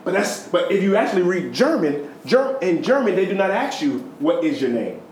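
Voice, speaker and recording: A man preaching a sermon, retelling a story in a conversational way with sudden high, emphatic stretches and low, quiet ones. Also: big pitch swings, normal speed, reverberant, a little hiss or hum, low-quality recording.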